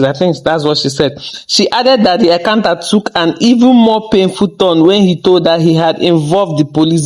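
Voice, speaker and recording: A chatty man, his voice sitting a little higher than most men's. He recaps celebrity gossip for his viewers and turns to address them directly. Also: poor audio. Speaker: host of a celebrity gossip channel. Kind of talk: narrated celebrity news recap.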